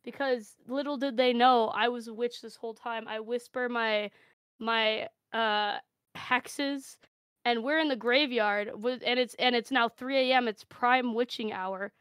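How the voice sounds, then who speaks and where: A woman's voice: a little high, unhurried, clear, resonant tone, no room sound, studio quality. Brash woman spinning a crude comic tale. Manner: brash, deadpan, swearing freely. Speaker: panelist. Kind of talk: improvised comic storytelling.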